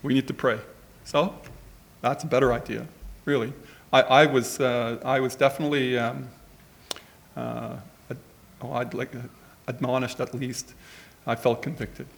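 A middle-aged man, gravelly and a touch creaky at the ends of his phrases, preaching through a personal anecdote. He rambles in a conversational way, full of asides, at an ordinary pitch. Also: little pitch movement, a little slow, long pauses. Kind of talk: storytelling sermon.

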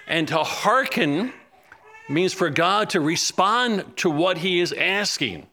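Preaching with fervor and lively intonation, this man keeps an unhurried pace. Quoted prayers push him into urgent pleading, while his list of needs comes out quiet and low.

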